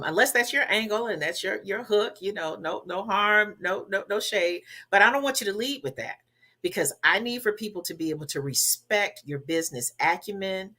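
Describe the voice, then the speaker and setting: A woman's voice: medium pitch, bright, forceful tone. A woman from the Southern United States, a guest who coaches public speaking, giving emphatic advice in a podcast interview. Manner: emphatic and instructive, repeats key words.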